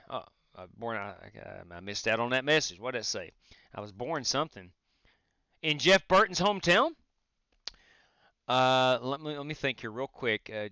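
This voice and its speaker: A man's voice: on the high side, sharp tone, clear, resonant tone, dry recording. A man streaming a sim race, chatting casually and greeting viewers while he drives. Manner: frequent fillers and restarts. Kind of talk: casual live-stream commentary.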